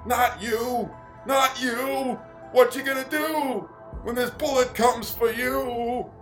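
A crude, scheming old rich father, voiced by a man who rants and gloats in a comedic audio drama. The voice sits high, and music plays clearly behind it. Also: steady tone, slow pace, rough recording. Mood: gloating. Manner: vulgar, ranting, gleefully villainous.

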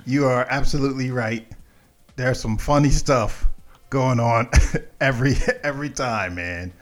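A man's voice: mid-range voice, a little slow, soft background music. A man hosting a casual interview, asking questions and laughing easily. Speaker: host.

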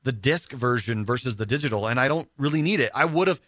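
A man chatting casually on a podcast, telling stories with lively acted-out quotes. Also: medium pitch, fast, no echo, clean studio sound. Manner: animated storyteller, acts out quoted voices. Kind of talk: casual chat.

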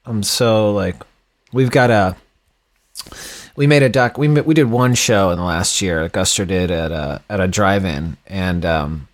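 Speaking a little slowly in a low voice, a band musician from Milwaukee rambles through casual chat as a podcast guest, filling it with fillers and restarts.

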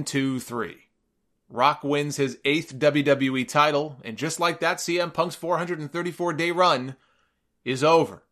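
A man casually retelling a wrestling match, amused and animated, acting out the quotes he repeats. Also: a little high. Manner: animated, amused, quotes people in raised voices. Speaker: wrestling commentator recapping a match. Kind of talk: casual storytelling recap.

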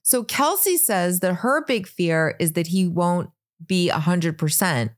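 A woman with a fairly low voice chats casually as podcast co-host. Her pitch moves lively while she recaps the episode. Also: a little slow. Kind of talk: casual chat. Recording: video call.

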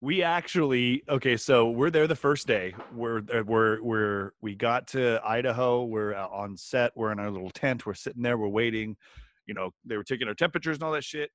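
A man's voice: medium pitch, normal speed, fairly bright tone, no echo. A man co-hosting a casual chat, rambling with restarts and hesitations. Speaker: podcast co-host.

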